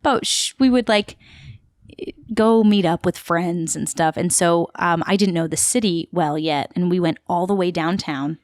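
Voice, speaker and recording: A woman's voice: fairly low pitch, unhurried, no room sound, clean studio sound. A woman from Queens, telling a story as a chatty podcast guest with lots of fillers. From Queens, New York City. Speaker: podcast guest, actor and tour guide. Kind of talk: casual storytelling interview.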